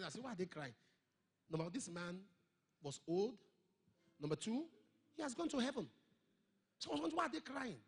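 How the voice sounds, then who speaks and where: A man's voice: a little high, breathy edge. A man, preaching a sermon as he tells a story, emphatic and full of sudden exclamations. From Nigeria. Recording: long hall reverb.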